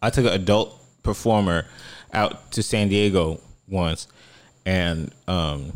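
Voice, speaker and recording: Low-voiced man telling dating stories. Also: slow. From South Florida. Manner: animated, acts out quotes in shifting voices. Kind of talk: casual storytelling chat.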